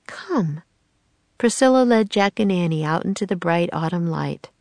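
Low, gravelly woman reading aloud. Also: brisk, dry recording. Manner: calm, even storytelling. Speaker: audiobook reader. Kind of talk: children's audiobook narration.

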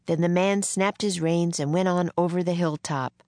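A woman narrating a children's chapter book in a clear, steady storytelling voice. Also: fairly low pitch, normal speed, no echo. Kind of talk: children's audiobook reading.

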